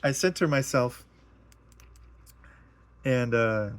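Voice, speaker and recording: A man's voice: mid-range voice, takes it slowly, smooth. A man casually sharing a personal testimony, earnest and emotional, rambling and repeating himself as he tells it.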